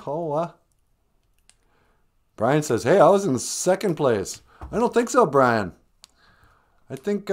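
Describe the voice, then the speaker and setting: A man hosting a live stream in a slow, unhurried way, his pitch swinging up and down as he talks. He teases viewers with mock-stern scolding and keeps the chat playful. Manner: playful, teasing banter with viewers. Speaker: live-stream host teaching Ojibwe words.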